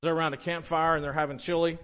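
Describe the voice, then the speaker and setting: A man's voice: fairly high pitch, little pitch movement, fast talker, lo-fi sound. A man, a pastor, preaching a sermon in a conversational, joking storytelling manner.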